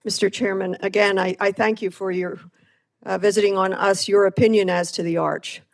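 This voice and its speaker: A woman committee member addressing the chair in measured, slightly halting remarks. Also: mid-range voice, fairly even intonation, gravelly. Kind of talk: formal remarks in debate.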